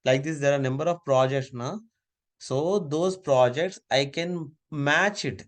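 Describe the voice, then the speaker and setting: A man's voice: a little high, measured pace. A man teaching a live online class over a video call, giving repeated step-by-step instructions.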